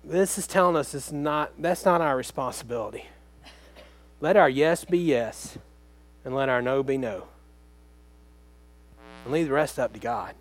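A man's voice: medium pitch, a little slow, pauses often. A man preaching a sermon as pastor, speaking earnestly and conversationally, often turning to the congregation with direct questions.

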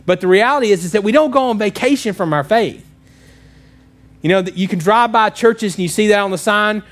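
High-voiced man preaching a sermon. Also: moderate pace, a bit bright. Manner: conversational, asks the congregation questions. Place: church.

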